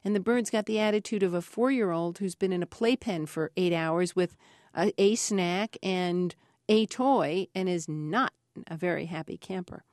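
A woman researcher being interviewed, telling lively anecdotes and acting out the voices in them. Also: lowish voice, moderate pace, no echo, clean studio sound. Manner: animated storyteller, acts out voices in anecdotes. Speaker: parrot researcher guest. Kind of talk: interview storytelling.

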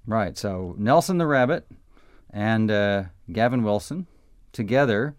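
A man's voice: on the low side, animated, a little slow, clean tone, dry recording, studio quality. A man hosting a radio talk show, chatting casually and rambling with many fillers. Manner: rambling, with frequent fillers and restarts. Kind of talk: casual on-air interview.

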